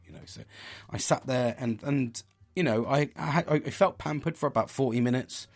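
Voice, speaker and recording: A man's voice: mid-range voice, a little fast. A middle-aged man, talking candidly about his week in a rambling, sweary monologue full of restarts. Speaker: podcast host.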